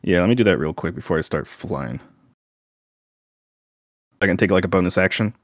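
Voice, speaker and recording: A man's voice: sits low, expressive, normal speed, no echo, clean studio sound. A man playing a tabletop game, thinking aloud and hesitating as he decides. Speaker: player.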